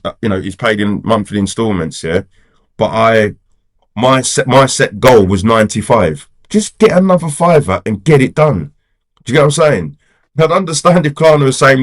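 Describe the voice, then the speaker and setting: A man's voice: mid-range voice, fairly quick. Exasperated man ranting about football. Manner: rambling, exasperated, heavy on "you know" and "do you get what I'm saying". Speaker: football fan vlogger. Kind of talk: casual fan rant to camera.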